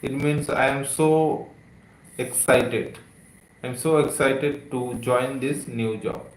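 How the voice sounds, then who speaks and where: Slow, echoey-voiced male English teacher. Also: medium pitch, a little hiss or hum. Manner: slow, repeats words, many "okay" and "uh" fillers. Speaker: English teacher on a live stream. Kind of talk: live-streamed vocabulary lesson.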